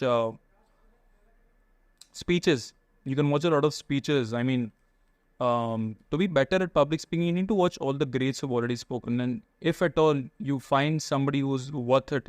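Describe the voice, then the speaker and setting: A man's voice: mid-range voice, no echo, studio quality. Earnest man coaching speaking. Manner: earnest, emphatic, stacks repeated phrases. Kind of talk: instructional monologue.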